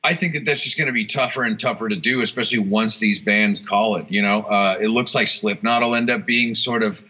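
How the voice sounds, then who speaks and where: Swearing guy rambling, bright edgy voice, kinda low, muffled lo-fi audio. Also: brisk, slightly rough. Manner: rambling, swears often, many restarts and fillers. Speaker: guitarist and songwriter, interview guest. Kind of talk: casual interview chat. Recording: dull lo-fi sound.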